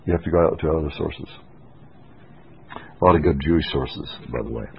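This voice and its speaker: A man's voice: extremely low pitch, brisk, a little hiss or hum. A man preaching an expository Bible sermon, emphatic and insistent, pressing his points hard. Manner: emphatic, rising to forceful insistence. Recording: dull lo-fi radio broadcast.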